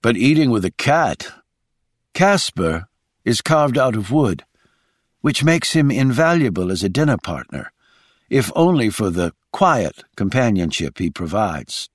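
A man narrating a novel in a measured, even way, switching voices for the characters. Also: mid-range voice, no room sound. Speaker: audiobook narrator. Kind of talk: scripted narration. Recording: dry close mic with faint music.

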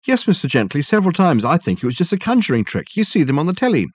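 A man voicing a weary female secretary who answers in a flat, unimpressed way. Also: on the high side, fast, husky, no room sound, clean studio sound, voice pushed up.

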